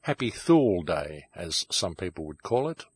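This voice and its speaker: A man's voice: sits low, very animated, normal speed, slightly rough. A man hosting his own show, delivering an impassioned, ranting monologue and calling his listeners "folks", recorded in a home shed. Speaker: show host.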